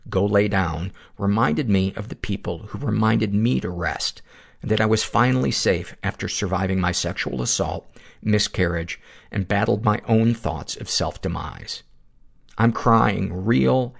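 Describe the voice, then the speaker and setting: Deep husky guy reading a fan letter on his podcast, earnest, rambles a bit. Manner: earnest, rambling, with asides and restarts. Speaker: podcast host. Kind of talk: reading a listener letter aloud, then casual reflection.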